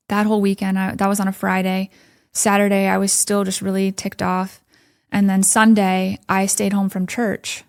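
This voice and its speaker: A woman's voice: medium pitch, creaky. A woman giving a candid personal testimony as a podcast guest, quoting her own thoughts. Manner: candid storytelling with quoted inner thoughts and soft laughs.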